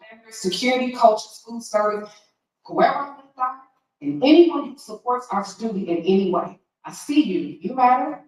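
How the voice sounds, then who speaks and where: A woman's voice: on the high side, far from the mic. Impassioned woman in an echoey hall. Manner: impassioned, frustrated, direct. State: emotional. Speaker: school board trustee. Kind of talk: board meeting remarks. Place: large meeting room.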